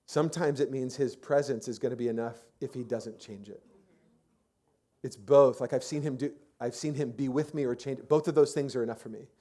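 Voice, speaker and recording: With a warm, mid-range voice and a fairly quick pace, a pastor preaches in a relaxed, conversational manner. His telling of the story is full of fillers and restarts.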